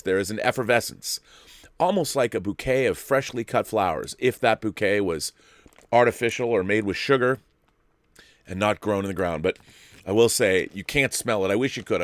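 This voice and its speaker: A middle-aged man hosting his own livestream show, chatting casually with playful, grandiose asides and rambling tangents. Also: on the low side. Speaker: show host. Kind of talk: casual solo livestream chat.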